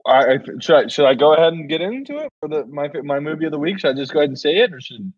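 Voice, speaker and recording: A man's voice: fairly high pitch, animated, rapid-fire, slightly rough, dry recording, lo-fi sound. A man co-hosting a podcast in casual chat, telling stories and laughing often. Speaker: podcast co-host.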